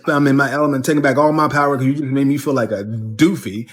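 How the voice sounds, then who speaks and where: A man from Cincinnati, Ohio, telling a comedic bar story in an animated way and acting out the voices of others. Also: medium pitch, fast, hardly any pauses, soft background music.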